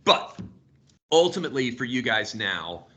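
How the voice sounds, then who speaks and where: A man in his fifties leading a sales team video call, telling stories in an animated way and swearing casually. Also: mid-range voice, unhurried. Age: 50s.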